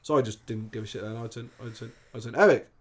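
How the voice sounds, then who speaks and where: A man's voice: mid-range voice, fast. A man from England telling a long, sweary anecdote as a DJ guest on a casual chat show. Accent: Bristol English. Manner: sweary, animated, acts out quoted voices.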